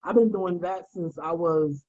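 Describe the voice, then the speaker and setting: A man's voice: high-pitched, unhurried. A man co-hosting a casual podcast, telling stories with slang and acting out what people said. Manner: animated storyteller, acts out quotes, slangy. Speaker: podcast co-host. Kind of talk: casual storytelling chat. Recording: dull lo-fi podcast audio.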